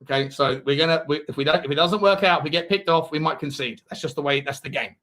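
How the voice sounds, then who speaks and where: A man hosts a live football watchalong, calling play and chatting to his viewers in a fairly high voice. He turns excitable and shouts when a chance comes, then settles back into easy chat. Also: fast talker. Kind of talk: live match watchalong commentary.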